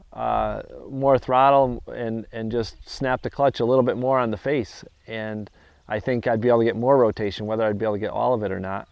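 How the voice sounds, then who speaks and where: A middle-aged man telling a story in a casual interview, halting, with many restarts and fillers. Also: mid-range voice, clear, resonant tone, dry recording, lo-fi sound.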